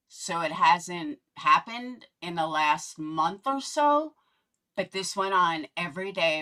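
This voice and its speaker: A woman's voice: fairly low pitch, fairly bright tone. A woman commentary host, sarcastic and cursing.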